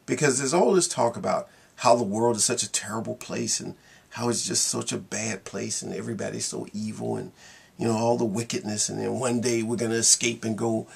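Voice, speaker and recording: A man's voice: fairly low pitch, fairly even intonation, fairly quick, gravelly, slightly rough. A man giving a casual, rambling monologue in his vlog, wry and laughing at himself. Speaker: vlogger.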